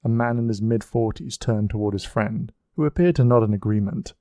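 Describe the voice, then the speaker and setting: In a dry room with no room sound, a man with a fairly low voice reads an audiobook. His scripted narration is even and measured.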